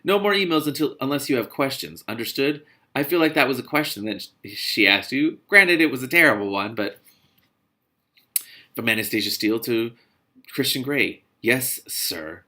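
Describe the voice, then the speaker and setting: Here a man both reads and comments on a novel, dropping into a low mutter for the narration. His delivery is lively in intonation, pushed and bright, at a moderate pace, with sarcastic, exasperated jokes and plenty of swearing.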